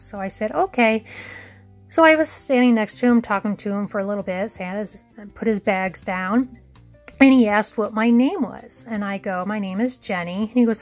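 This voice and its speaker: A woman from Indiana, chatting casually to viewers as a vlogger and telling a story in a folksy way. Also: mid-range voice. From Indiana, USA. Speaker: shopping haul vlogger. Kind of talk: casual vlog chat and story time.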